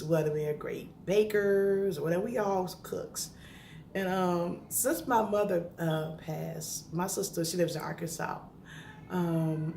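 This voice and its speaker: A woman's voice: on the low side, darkish tone. Middle-aged woman, earnest, emotional, conversational, echoey home room, faint background noise. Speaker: vlogger giving grief advice. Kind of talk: casual heartfelt talk to camera. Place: home indoors.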